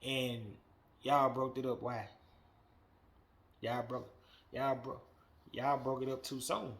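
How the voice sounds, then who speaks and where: A man hosting a wrestling podcast, giving a blunt, profane, animated opinion rant that swings between muttering and loud outbursts. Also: medium pitch, slow.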